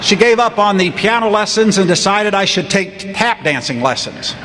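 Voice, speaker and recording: A man's voice: high voice, normal speed, slight background noise. Wry older man speaking in a hall. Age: 60s. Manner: wry, deadpan storytelling. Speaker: commencement speaker. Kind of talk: humorous commencement speech. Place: large ceremony hall. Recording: long hall reverb, faint crowd ambience.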